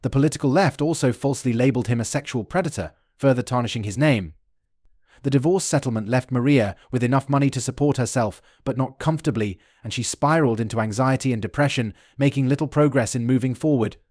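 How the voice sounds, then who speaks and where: A man narrating a dramatic story in an even, steady storytelling delivery. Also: mid-range voice, fast, no echo, studio quality.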